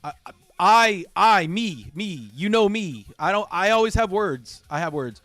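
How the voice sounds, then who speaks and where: A middle-aged man chatting on a game livestream in a slightly raised voice. He talks in a halting, heartfelt way and often repeats himself. The sound is dry and close, with faint music underneath. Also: high voice, lively intonation, fairly bright tone, dry recording. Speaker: livestream gamer host. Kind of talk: casual livestream chat.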